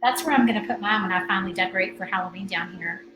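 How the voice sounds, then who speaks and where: On a craft livestream, a woman paints and chats casually, reading viewer comments aloud in a rapid-fire, mid-range voice. Background noise and a roomy echo can be heard in the recording.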